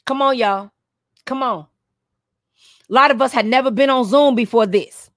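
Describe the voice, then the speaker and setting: A woman's voice: a little high, moderate pace, no echo, studio quality. A woman coaching teachers on a live stream, preachy and playful, with punchy repeated phrases.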